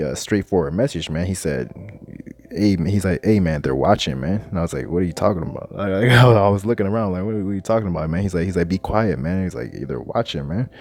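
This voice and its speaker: A man's voice: low-pitched, mellow, dry recording. A man casually telling a spiritual testimony in loose, slangy talk, ending nearly every phrase with "man.". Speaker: scripture teacher.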